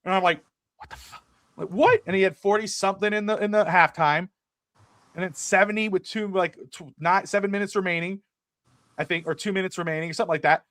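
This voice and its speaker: A middle-aged man co-hosting a casual sports talk show, ranting with animated energy and swearing freely. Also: sits high, fast talker, no room sound, studio quality. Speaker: podcast co-host.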